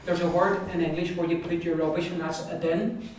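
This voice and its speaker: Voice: mid-range voice, level tone, a little fast, a little mellow. Patient teacher with a Donegal accent. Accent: Donegal Irish. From Donegal, Ireland. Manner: patient and repetitive, says each word several times, with asides and small laughs. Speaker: Irish language teacher. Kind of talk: pronunciation class, teacher models words for the class to repeat. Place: large echoey classroom with a group of learners. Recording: echoey room, distant mic, background noise.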